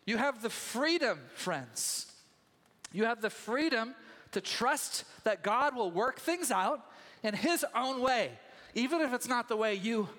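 Male pastor, high-pitched, animated storyteller, preaching in a reverberant hall. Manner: animated storytelling, acting out voices. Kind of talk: sermon.

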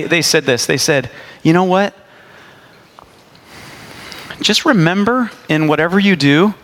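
A man's voice: on the high side, bright, forceful tone. A man in his forties preaching a sermon in a conversational, storytelling way, with jokes, asides and frequent restarts. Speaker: pastor.

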